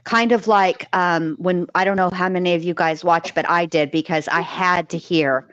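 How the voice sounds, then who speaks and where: A woman's voice: on the low side, fairly even intonation, normal speed, fairly bright tone, no room sound. Rambling woman chatting on a dull line. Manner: rambling, conversational, lots of fillers and restarts. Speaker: co-host discussing a criminal case. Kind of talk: casual chat.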